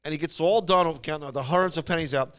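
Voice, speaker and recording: Podcast co-host, man, clear smooth voice a little high, chatty rambling storyteller. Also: fast, fairly bright tone. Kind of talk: casual chat.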